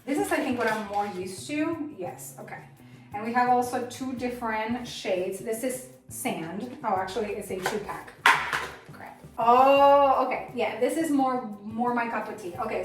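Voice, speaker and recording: A woman chatting through a casual beauty product review, excitable and self-deprecating about her makeup skills. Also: a little high, moderate pace, recorded from a distance. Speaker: beauty vlogger. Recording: roomy echo, off-mic, faint music.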